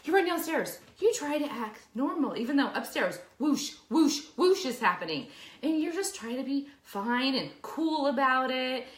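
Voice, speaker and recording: A woman's voice: high voice, normal speed, reverberant. A woman co-hosting a casual chat show, telling embarrassing stories and acting out the scenes as she goes. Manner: animated storyteller, acts out scenes. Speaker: podcast co-host.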